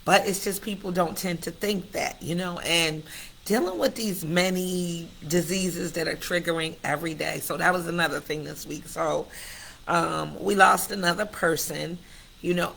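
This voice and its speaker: A middle-aged woman hosts her own livestream, talking candidly and from the heart in a preacher-like cadence and turning to her viewers often. Her voice is fairly low, creaky, and a bit bright, over slight background noise on a rough recording.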